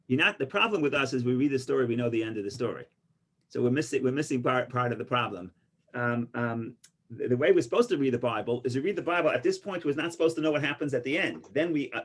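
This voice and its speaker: A man teaching an informal Torah class, an animated storyteller with many restarts who gets loud for punchlines. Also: medium pitch, husky. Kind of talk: informal Torah lesson with stories and jokes.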